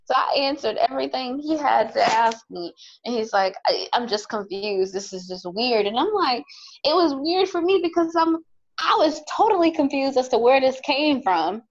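A woman's voice: sits high, lively intonation, moderate pace, dull audio. A woman co-hosting a podcast, telling a dating story in casual chat and quoting the other people as she goes. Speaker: podcast co-host.

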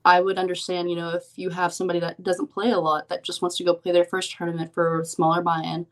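A woman's voice: on the low side, completely flat delivery, fast talker. A young woman, a professional poker player, talking frankly and casually as an interview guest, with lots of "like" fillers. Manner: chatty, frank, many "like" fillers.

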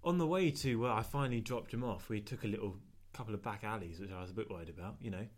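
A man's voice: on the low side, fast talker. A young man telling a story in casual chat as podcast co-host, dry and self-mocking.

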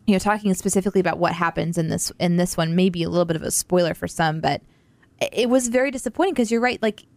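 A woman's voice: lowish voice, fast, creaky, a little mellow, no room sound. A woman co-hosting a casual movie review chat, talking in loose, eager runs full of likes.

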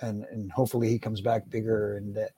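A man telling animated stories in a casual podcast chat about wrestling. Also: on the low side, fast, breathy edge, no room sound, studio quality. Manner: storytelling, animated anecdotes with acted quotes.

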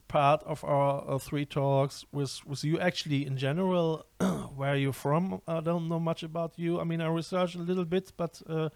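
A man hosts a casual interview in English, halting and repeating words as he searches for what to say. His voice is fairly high for a man, and the sound is dry and close-miked. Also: little pitch movement, vocal fry, a little mellow, clean tone, no echo. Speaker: host.

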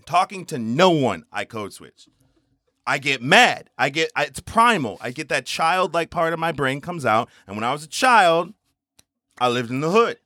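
Man, casual chat, animated, speeds up when worked up, swears, dry close sound. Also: a little high, no room sound.

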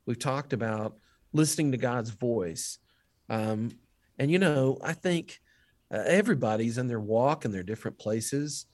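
A man who teaches history, telling faith stories in an interview with lively, animated delivery. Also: a little slow. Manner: animated storyteller, rising pitch when quoting others. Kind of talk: storytelling in a faith podcast interview.

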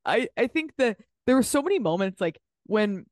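A woman co-hosting a casual podcast chat about reality TV, animated and swearing, acting out quotes. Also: mid-range voice, normal speed, no echo, studio quality. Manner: animated, swearing, acts out quotes of cast members. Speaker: podcast co-host.

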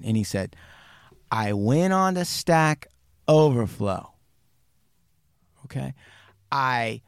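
A man hosting a podcast, telling a true crime story casually and acting out the quotes with sudden jumps in pitch and some swearing. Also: clean tone, no echo, clean studio sound. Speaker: podcast host.

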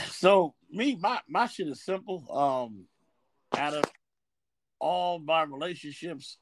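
Gravelly-voiced man, blunt podcast chat. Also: a little high, slow pace, noisy background. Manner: blunt, profane, animated storytelling. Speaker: podcast co-host.

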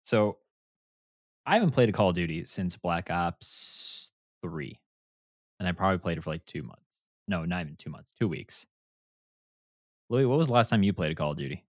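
Man, podcast host, low voice, animated, dry sound, laid-back and jokey. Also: no echo. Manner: laid-back, joking, quick to laugh. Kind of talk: casual chat, reading aloud from a book.

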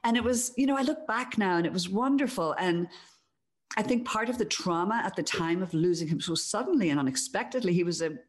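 A woman's voice: mid-range voice, expressive, fairly quick. A middle-aged woman with an Irish accent, guest in a casual conversation, speaking reflectively and laughing easily. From Ireland, Donegal.

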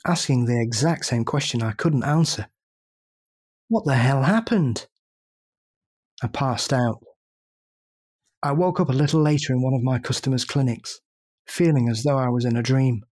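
A man, a podcast co-host, reading a listener's story aloud with emotion and dramatic pauses before chatting casually. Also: mid-range voice, darkish tone. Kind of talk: narrated story reading then casual chat.

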